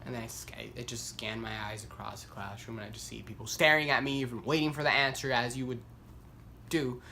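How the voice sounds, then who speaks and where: A young man vlogging, telling a story casually and rambling with lots of "like" fillers, getting animated as he goes. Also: medium pitch, fairly quick, vocal fry, a little hiss or hum. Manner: rambling, heavy use of "like", self-deprecating; animated, voice climbs when worked up.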